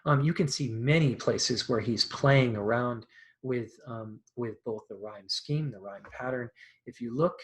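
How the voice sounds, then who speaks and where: Guy lecturing on poetry, lots of ums and restarts, mid pitch, casual. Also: measured pace, rough recording. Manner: many ums and restarts, loose conversational delivery. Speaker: poetry teacher. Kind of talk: recorded lecture.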